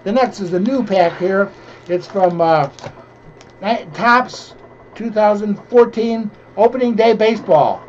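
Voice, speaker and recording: Middle-aged man, rambling casual commentary, fairly high voice, dull lo-fi home recording, faint hiss. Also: unhurried. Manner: rambling, jokey asides. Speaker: host opening card packs.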